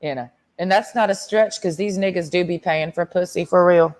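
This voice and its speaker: A young woman with a slightly low voice rants casually to camera. She tells her story bluntly and sassily, with plenty of swearing. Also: normal speed, darkish tone. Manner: blunt, profane, sassy storytelling. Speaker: vlogger. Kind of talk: casual rant.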